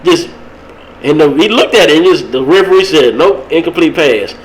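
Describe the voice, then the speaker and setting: Podcast host, young man, slightly high voice, loose rambling delivery, faint noise bed. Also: fairly quick, poor audio. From Texas. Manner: rambling, animated, laughs at his own stories. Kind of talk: casual sports talk.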